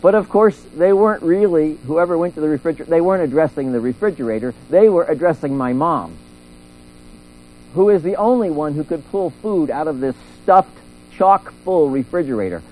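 A middle-aged man preaching a sermon in a church, telling a story with lively acted-out voices. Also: on the high side, brisk, poor audio. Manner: animated storytelling, acting out voices.

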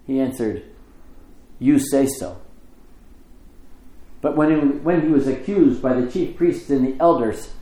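A man giving a measured, expressive liturgical scripture reading in a church. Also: medium pitch, echoey room, rough recording. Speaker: scripture reader.

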